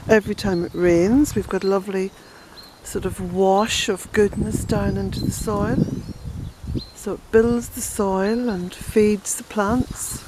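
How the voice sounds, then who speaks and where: An Irish woman chatting her way through a garden tour outdoors, fond and unhurried, with bursts of indignation. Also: mid-range voice, fairly even intonation, noisy background. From Ireland. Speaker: smallholder and author giving a garden tour. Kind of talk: casual walking garden tour.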